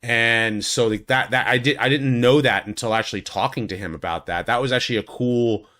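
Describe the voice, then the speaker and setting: A man's voice: fairly quick, bright, forceful tone. A man giving a casual, rambling video recap of a fan convention, talking into a studio USB microphone. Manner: rambling, with many restarts and likes; acts out quotes in a much higher voice. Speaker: YouTube host recapping a convention. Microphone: USB studio condenser mic.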